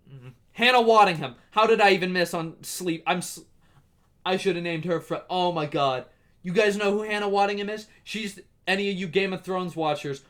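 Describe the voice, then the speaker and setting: Young man, podcast host, casual solo talk, excitable and gushing, bright tense voice, slightly high pitch.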